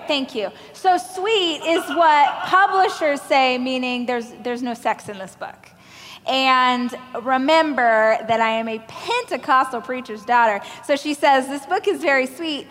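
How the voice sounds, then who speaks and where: A woman from Oklahoma giving a keynote on stage, telling a self-mocking story in an animated way and acting out the voices of other people. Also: high-pitched. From Oklahoma, United States. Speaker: motivational speaker giving a keynote. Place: large hall at a live event. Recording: live hall with long reverb, faint noise.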